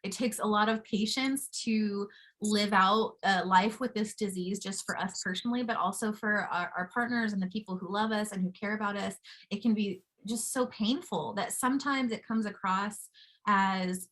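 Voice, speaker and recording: A woman's voice: mid-range voice, normal speed, a bit bright. Earnest, encouraging woman podcast host. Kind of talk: podcast interview.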